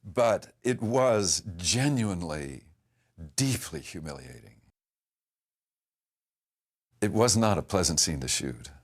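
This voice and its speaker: An older man, an actor, thoughtfully recalling his work in a reflective interview, speaking in a measured way with restarts and pauses. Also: sits low. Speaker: actor recalling a past production.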